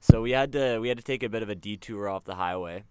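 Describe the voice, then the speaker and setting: A man's voice: on the low side, fast, mellow, smooth. A young man, telling a story on a casual podcast, acting out the quotes and swearing freely. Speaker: podcast co-host.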